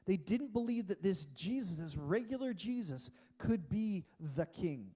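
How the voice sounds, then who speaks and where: Bright-voiced male pastor, mellow tone. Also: high voice, unhurried, husky. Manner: casual, animated preaching with restarts. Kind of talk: sermon. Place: church.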